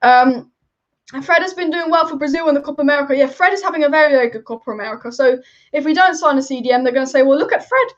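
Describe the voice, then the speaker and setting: A woman hosts a football channel's live stream, reading viewer comments and offering passionate, rambling opinions. Her voice is high and very fast, heard through dull lo-fi stream audio.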